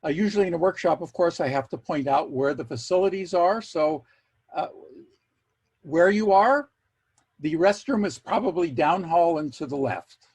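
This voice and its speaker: Male workshop presenter on a video call, slightly raised pitch, a bit raspy, measured delivery with dry humor. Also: darkish tone. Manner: measured, wry asides, repeats key words for emphasis. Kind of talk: online workshop talk.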